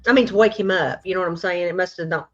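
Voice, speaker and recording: Woman co-host, chatty theorizer, lowish voice, dull lo-fi recording. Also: fast talker. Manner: speculative, laughs often. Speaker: true crime livestream co-host. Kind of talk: casual chat.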